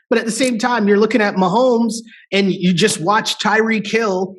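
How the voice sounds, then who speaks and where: A man co-hosting a sports betting podcast, talking in an animated, chatty way and peppering his talk with "like" and "right?". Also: high voice, moderate pace, few pauses. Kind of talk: casual podcast chat.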